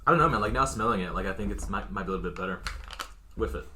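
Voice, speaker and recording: A man's voice: lowish voice, racing, background noise. A man co-hosting a podcast, joking around and swearing freely in casual chat. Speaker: podcast co-host.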